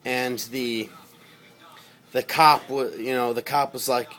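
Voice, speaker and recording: A man's voice: mid-range voice, steady tone, slow, slight background noise. Rambling man telling a wild story. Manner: rambling, swearing, rising loud when quoting himself. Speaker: storyteller recounting a personal experience. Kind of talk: casual spoken storytelling.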